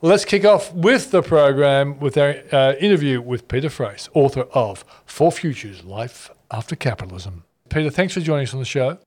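A man's voice: mid-range voice, animated, normal speed, hardly any pauses. An Australian man co-hosting a talk show, bantering casually and introducing guests with jokes and frequent fillers. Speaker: co-host.

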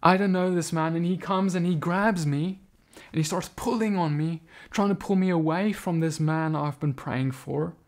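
Earnest man with a gravelly voice. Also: fairly high pitch. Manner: earnest, halting, with many restarts. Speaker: speaker giving a testimony. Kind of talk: personal testimony storytelling.

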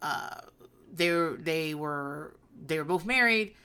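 Brief: woman, 30s, solo podcast host, low-set but bright and forceful voice, profane and rambling. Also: animated, slow pace, clear, resonant tone. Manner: blunt, profane, rambling storytelling. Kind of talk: candid solo monologue.

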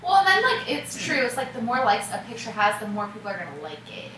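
A woman's voice: fairly high pitch, huge pitch swings, fast, sharp tone, far from the mic. A young woman hosting a podcast, talking in a loose, playful way and swearing freely. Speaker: podcast host. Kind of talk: casual chat. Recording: echoey room from off-mic, noisy.

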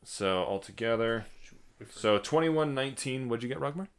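A man's voice: mid-range voice, normal speed, clear, resonant tone. A man acting as game master, casually narrating a tabletop game with loose, hesitant description. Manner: casual, lively, hesitant fillers while describing.

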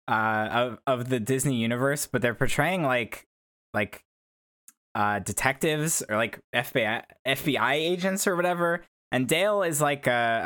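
A man with a smooth, clear voice at a mid pitch, talking as a player on a tabletop role-play podcast. He rambles and hedges as he works through his thoughts. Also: a bit bright. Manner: rambling, hedging with fillers. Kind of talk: actual-play podcast chat.

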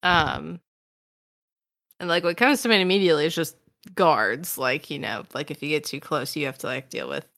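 A woman in a tabletop game chat offers ideas tentatively. Her voice is slightly low but bright and crisp, and it is recorded dry and close. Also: no echo. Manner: tentative, drawn-out and filler-heavy. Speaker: player.

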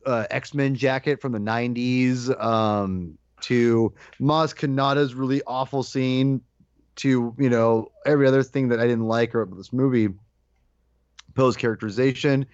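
A man in casual podcast chat, telling an animated story and acting out his own shouted lines. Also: mid-range voice, no room sound. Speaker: podcast guest co-host. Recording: dull lo-fi dry sound.

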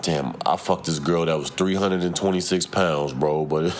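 A man's voice: very deep voice, steady tone, normal speed, a little hiss or hum. A young adult man hosting his own podcast, talking in a profane, heated, rambling rant. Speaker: podcast host. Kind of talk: casual solo podcast rant.

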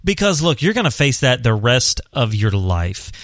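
A man's voice: medium pitch, sing-song, normal speed, a bit bright, no echo, studio quality. A blind man, a parent, talking casually to visually impaired viewers, earnest and encouraging, often repeating a point for emphasis. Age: adult, parent of a son. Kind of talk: casual advice monologue.

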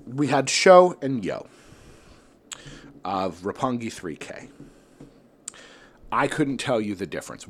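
A man of medium pitch hosts a solo show about a wrestling tournament bracket, thinking out loud in casual talk full of fillers and restarts.

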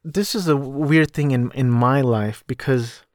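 Podcast host, male, young adult, rambling film recap, self-deprecating, mid-pitched, dry close mic. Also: measured pace, no room sound. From United States. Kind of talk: casual film recap monologue.

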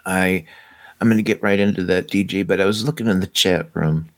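A man co-hosting a casual movie chat show, talking enthusiastically with halting restarts. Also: low-pitched, vocal fry, no echo. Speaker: co-host of a movie watch show.

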